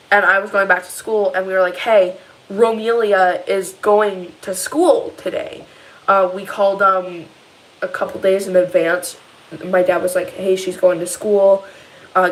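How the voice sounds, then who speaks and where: A teenage girl talks straight to her viewers in a casual vlog. She rambles through a long story, upset and animated. Her voice sits at an ordinary middle pitch. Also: low-quality recording. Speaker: vlogger.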